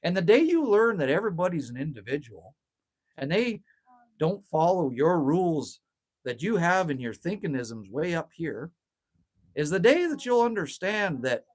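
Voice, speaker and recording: Casual host, middle-aged man, rants and swears freely, animated and a little raspy. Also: high voice. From Canada. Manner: rambling, ranting, swears freely. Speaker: livestream host. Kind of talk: casual livestream chat, reading viewer comments aloud. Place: outdoors at a cabin. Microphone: phone livestream.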